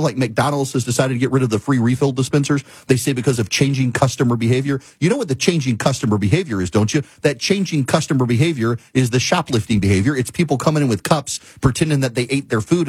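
A man's voice: fast talker, few pauses, a little mellow, husky, dry recording. A man hosting a talk show, telling stories in a casual, ranting monologue. He sounds exasperated and emphatic, repeats points for effect, and breaks into laughter. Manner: laughs mid-sentence and bursts into high-pitched exclamations.

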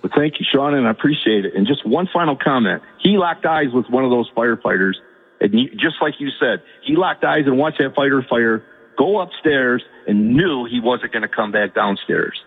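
A male radio caller from Michigan with a husky voice, telling a personal story in a halting, emotional way with repeated words. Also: mid-range voice, lively intonation. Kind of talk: call-in radio talk. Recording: tinny phone line with long reverb.

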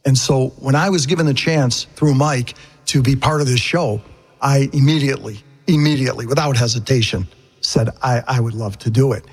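A man's voice: medium pitch, moderate pace, breathy edge, big-room sound. A man speaking as a guest, earnest and heartfelt. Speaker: guest, show co-host. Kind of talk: casual radio interview.

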